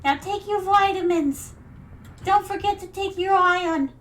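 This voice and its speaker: A woman's voice: very high-pitched, measured pace, fairly bright tone, slight background noise, voice pushed up. Woman putting on a nagging New Jersey mom. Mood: scolding. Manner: bossy, scolding. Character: nagging loud middle-aged mother.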